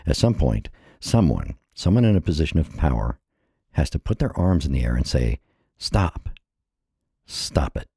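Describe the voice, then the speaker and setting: A man's voice: rumbling low, sing-song, fairly quick, gravelly, warm tone, breathy edge, no echo, studio quality. A middle-aged American man, a little out of breath, giving an earnest, impassioned personal monologue that repeats phrases for emphasis. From United States. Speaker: vlogger.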